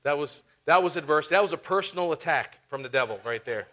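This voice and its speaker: A man's voice: fairly high pitch, lively intonation, fast talker, a bit bright. A man preaching a sermon, telling a funny story and laughing often as he talks. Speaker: pastor.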